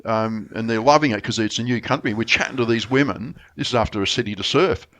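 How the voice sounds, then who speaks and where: A middle-aged Australian man chatting casually, telling a long story with many restarts and getting animated when he quotes people. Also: medium pitch, quick pace. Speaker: friend sharing memories. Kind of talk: casual chat.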